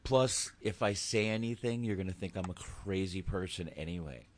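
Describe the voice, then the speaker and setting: A man's voice: deep voice, normal speed, a little hiss or hum. A man in his thirties in casual chat, a laid-back, rambling and profane storyteller.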